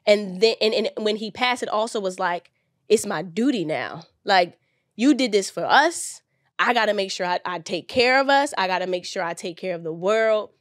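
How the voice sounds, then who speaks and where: A woman guest in a podcast interview, talking with animated, rising intensity about her father and her money work. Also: moderate pace, no echo, clean studio sound. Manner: animated, rising in pitch when excited. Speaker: guest, finance educator. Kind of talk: emotional interview talk.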